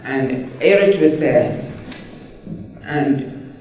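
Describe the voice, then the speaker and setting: Brief: older Indian-born woman telling stories, mellow tone, mic far off in an echoey room. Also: a bass voice, lively intonation. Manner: rambling, halting storyteller with many fillers. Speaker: interviewee. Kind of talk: personal reminiscence. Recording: roomy, distant mic.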